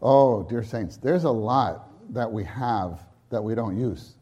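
A man preaching a sermon at a conference, unhurried and halting, with many restarts and sudden fervent rises. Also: fairly low pitch, warm tone, breathy edge.

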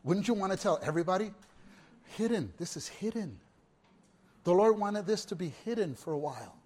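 A male preacher with a fairly high voice delivers a sermon that swings from hushed murmurs to loud, ringing exclamations. He repeats phrases for emphasis and keeps putting questions to his listeners. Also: expressive, brisk.

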